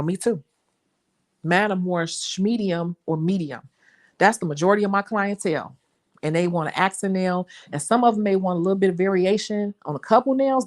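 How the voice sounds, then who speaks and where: Woman, young adult, Chicago accent, nail tech vlogger, talkative, lively storyteller. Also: on the low side. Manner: chatty, animated storytelling, says y'all. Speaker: nail technician and channel host. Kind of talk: casual chat to viewers.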